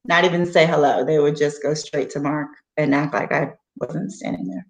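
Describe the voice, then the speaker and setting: A woman's voice: low-pitched, steady tone, normal speed, roomy sound. A young adult woman co-hosting a casual chat, telling candid stories and acting out the people she quotes. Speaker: co-host.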